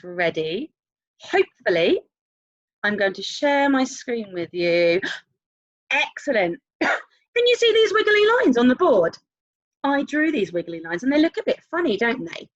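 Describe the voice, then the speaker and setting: A woman teaching an online music lesson to young children, encouraging them with animated, sing-song questions. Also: medium pitch, measured pace, no room sound, dull audio. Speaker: primary school teacher.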